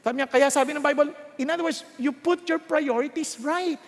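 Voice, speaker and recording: A male preacher with a Filipino accent delivers a sermon in a strikingly high voice. His words ring out with a long reverb, as if he is speaking in a large hall. He moves between English and Tagalog and keeps asking the congregation whether they are following. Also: a little fast. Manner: mixes English and Tagalog, often checks in with the congregation.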